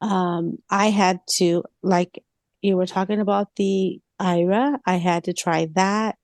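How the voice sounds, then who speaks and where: On a relaxed podcast chat, a female co-host with a medium-pitched voice speaks slowly. She tells animated stories and performs the quoted lines, and there's no room sound.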